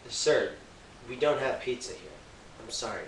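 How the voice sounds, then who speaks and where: A timid, apologetic fast-food cashier, voiced by a man answers hesitantly in a bright tone. The voice sounds distant in a roomy, echoey space, with a faint hiss behind it. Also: mid-range voice, lively intonation, voice pushed down. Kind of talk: amateur comedy sketch.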